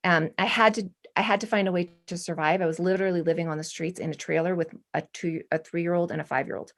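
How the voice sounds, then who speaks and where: A woman's voice: on the low side, steady tone, quick pace, creaky. A woman in her forties, a guest artist, talking in an earnest, rambling way with many restarts. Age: 40s. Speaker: guest artist and art professor. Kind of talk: spiritual casual interview.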